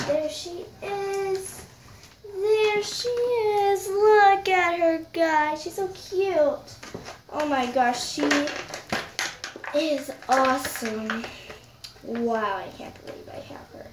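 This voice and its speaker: A young girl chatting casually to viewers while she unboxes a toy, talking aloud as she fusses with the packaging. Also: sits high. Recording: echoey room with background noise.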